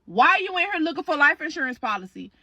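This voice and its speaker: Brash greedy mom, crude and dismissive, quick mouth, put on by a woman storyteller. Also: high voice, very animated, sharp tone, no echo, full character voice. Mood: scornful. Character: brash greedy middle-aged mother.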